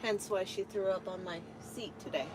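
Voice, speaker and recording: A woman's voice: mid-range voice, normal speed, background noise. A woman truck driver chatting casually on a live stream from inside her truck cab, talking to her viewers and her cat.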